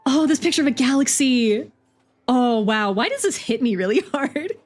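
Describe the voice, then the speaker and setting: A young adult woman streaming, reading a story aloud and reacting to it excitedly, swearing casually as she goes. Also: fairly high pitch, moderate pace, faint music behind. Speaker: VTuber streamer.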